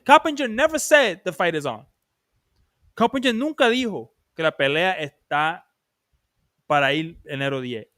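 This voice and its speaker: A man's voice: a little high, a bit bright, no echo, studio quality. A man hosting a boxing livestream, talking casually and with heat, switching back and forth between English and Spanish. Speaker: livestream boxing show host.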